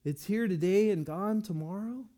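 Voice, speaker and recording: A man preaching a sermon, talking in a relaxed, conversational way and reading scripture slowly. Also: high-pitched. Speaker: pastor.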